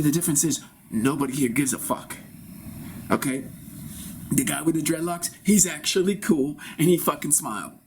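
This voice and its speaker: A man improvising a brash, crude male barbershop regular who lectures bossily and talks fast. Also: high voice, a little hiss or hum. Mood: lecturing. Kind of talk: improvised comedy scene.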